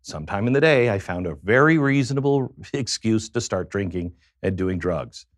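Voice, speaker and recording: A man's voice: on the low side, lively intonation, moderate pace, no echo, clean studio sound. A man, a guest on a talk show, tells a personal story in a reflective way that halts on many fillers.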